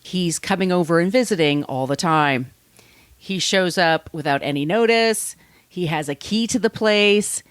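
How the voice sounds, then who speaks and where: A woman podcast host telling a true-crime story in a casual, animated way, often acting out what people said and swearing freely. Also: on the low side, a little slow, clean tone, no room sound. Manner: chatty, animated, acts out quotes, swears freely.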